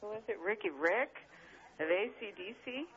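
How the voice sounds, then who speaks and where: A woman calling in to a radio show, speaking slowly and haltingly with many pauses. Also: medium pitch, animated, fairly bright tone. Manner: slow, hesitant, halting. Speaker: caller. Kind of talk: prank call on a radio phone-in. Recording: dull phone line.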